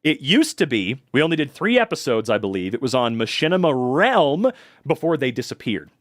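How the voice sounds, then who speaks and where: An American man in a casual live stream, reading viewers' messages aloud and answering them in animated, swearing chat. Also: mid-range voice, fairly quick, no echo, studio quality. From United States. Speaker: streamer and hobby voice actor.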